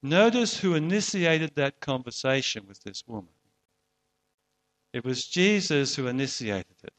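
A man's voice: mid-range voice, lively intonation, a little slow, a bit bright. A man preaching a sermon in an earnest, conversational way, often restarting and asking rhetorical questions.

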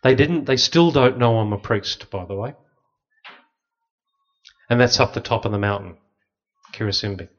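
A middle-aged man, a priest, telling lively stories with dry humor to an audience. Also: mid-range voice, moderate pace, pauses often. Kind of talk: storytelling talk to an audience. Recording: slightly dull lo-fi recording.

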